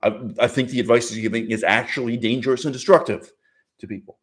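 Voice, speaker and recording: Talking fast with fairly even intonation, the host of his own channel rants through an opinionated monologue. He's emphatic and argumentative, jumping in pitch and mock-quoting, while frequently restarting, using fillers and laughing mid-sentence.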